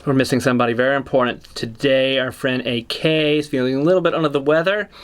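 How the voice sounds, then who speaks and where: A man's voice: mid-range voice, fairly even intonation, quick pace, smooth. A man co-hosting a casual livestream, chatty and greeting viewers by name, often restarting his sentences. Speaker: co-host.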